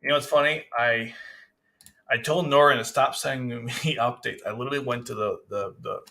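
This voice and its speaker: A man's voice: mid-range voice, fairly even intonation, fairly quick, gravelly, pushed and bright. A man casually reviewing a manga chapter, rambling, with frequent restarts. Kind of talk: casual commentary.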